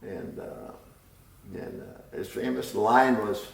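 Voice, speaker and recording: Old guy with a really gravelly voice telling old stories, rambly, chuckles a lot, sounds far off in an echoey room. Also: lowish voice, slow. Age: older. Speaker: interviewee. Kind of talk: oral history reminiscing. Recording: roomy room, distant mic.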